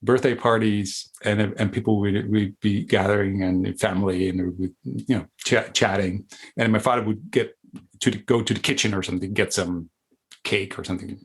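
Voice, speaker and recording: A man hosting a casual podcast interview, talking in a rambling way with many restarts and jumping up in pitch when he tells a story. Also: normal speed, breathy edge. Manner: rambling, full of restarts, animated when imitating his father. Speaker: podcast host.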